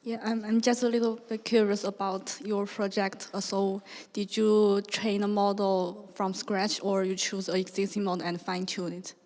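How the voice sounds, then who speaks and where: A woman's voice: medium pitch, little pitch movement, moderate pace, hardly any pauses, a little mellow. A woman in the audience asking a polite, curious question, heard from a distance. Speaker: audience member.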